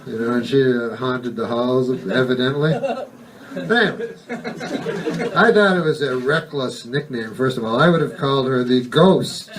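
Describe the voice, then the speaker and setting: A man doing a stand-up comedy set on a club stage, rambling in a deadpan way and swearing a lot. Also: mid-range voice, measured pace. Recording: distant mic, noisy live recording.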